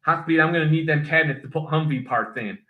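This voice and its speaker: A man's voice: on the high side, quick pace, narrow, tinny audio, lightly acted. A man putting on a lisping greedy army chief. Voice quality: bad lisp.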